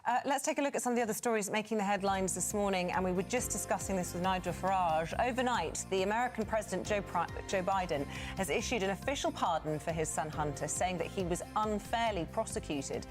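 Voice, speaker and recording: A woman presenting the morning news headlines in a measured newsreader delivery. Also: mid-range voice, music in the background. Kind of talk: news reading and studio banter.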